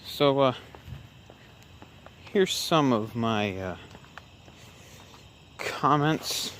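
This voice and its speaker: Walking around a rural area at dusk with a handheld camera, a man vlogs casual political commentary that rambles and drips with sarcasm, full of fillers and restarts. His medium-pitched voice is animated yet extremely slow and a bit bright. There's a little hiss or hum on the recording.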